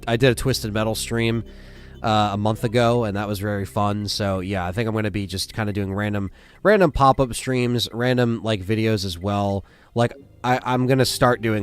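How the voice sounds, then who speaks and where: Low-voiced man, tired, casual stream chat, halting with fillers, faint music behind. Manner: rambling, lots of fillers and restarts. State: tired, yawning.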